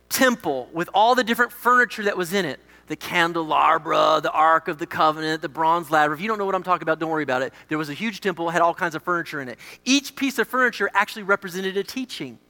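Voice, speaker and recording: A male pastor delivers a sermon with a bright, ringing tone, leaning hard into emphatic lines and then dropping to quiet asides. His voice echoes with a long reverb across a church sanctuary. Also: high-pitched, fairly quick. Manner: emphatic, swings between loud declarations and quiet asides.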